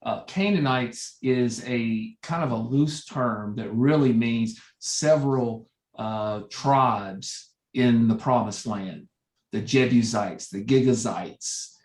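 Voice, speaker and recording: A man leading a church Bible study discussion, explaining things slowly and thoughtfully with frequent fillers. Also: medium pitch, a little mellow, echoey room.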